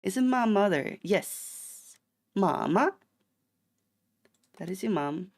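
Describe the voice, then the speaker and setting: Playful Swedish man with a gravelly voice. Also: high-pitched, lively intonation, a little slow. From Sweden. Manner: playful, rambling, mock-indignant outbursts. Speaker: streamer. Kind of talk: casual chat while gaming.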